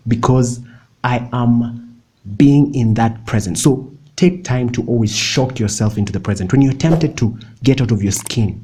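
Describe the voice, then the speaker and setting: A man's voice: fairly low pitch, warm tone, slightly rough. A young man giving chatty, playful motivational advice in a casual vlog, laughing often and dropping in slang. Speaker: vlogger.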